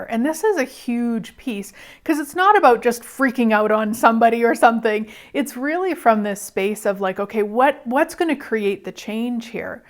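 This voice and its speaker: A woman host talks through a personal story in a candid, chatty monologue. Her voice sits fairly high, and she laughs easily as she goes. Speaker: radio show host.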